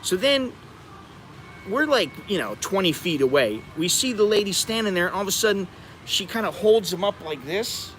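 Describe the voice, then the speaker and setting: American male vlogger, slightly high voice, animated storyteller, faint street noise behind. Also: moderate pace. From United States. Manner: animated, bursts into high-pitched laughter and acted-out exclamations. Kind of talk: casual storytelling livestream.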